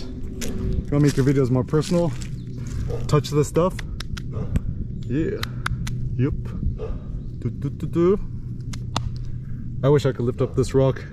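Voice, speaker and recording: An American man talking in a rambling, animated way as he vlogs outdoors in a village, with lots of fillers. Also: medium pitch, background noise. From United States. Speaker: vlogger. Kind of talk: casual walking vlog monologue.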